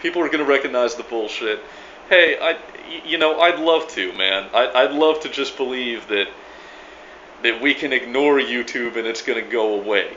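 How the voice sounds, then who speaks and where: A man's voice: mid-range voice, moderate pace, pushed and bright, a little hiss or hum. A middle-aged man giving a rambling video reply, stammering, repeating words and swearing with emphatic force. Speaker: vlogger replying to another creator. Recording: echoey room, dull lo-fi sound.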